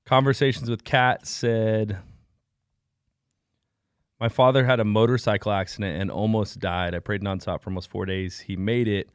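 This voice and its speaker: A man's voice: on the low side, normal speed, smooth, dry recording, studio quality. A man co-hosting a casual live-stream chat, telling stories with lots of laughter and acted-out voices. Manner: animated storyteller, laughs often, acts out voices. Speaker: co-host.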